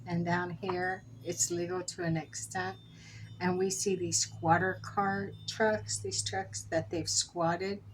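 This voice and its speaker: A woman's voice: fairly low pitch, flat delivery, takes it slowly, a little hiss or hum, low-quality recording. A middle-aged woman chatting casually while making beaded jewelry, telling rambling stories with self-corrections. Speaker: jewelry crafter. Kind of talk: casual crafting vlog chat.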